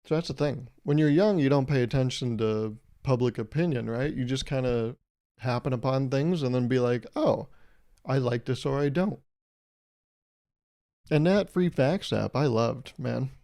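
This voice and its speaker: Speaking into a podcast mic, this twenty-something man runs a solo show where he rambles, cracks jokes and swears offhandedly. He has a warm, medium-pitched voice and keeps a moderate pace.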